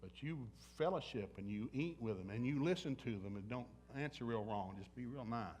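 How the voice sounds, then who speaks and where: A man's voice: mid-range voice, lively intonation, moderate pace, a little mellow, slight background noise. A man preaching a sermon at a church service, blunt and joking, acting out little scenes with other voices. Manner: joking, blunt, acts out dialogue. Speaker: pastor. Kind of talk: sermon with acted-out anecdotes.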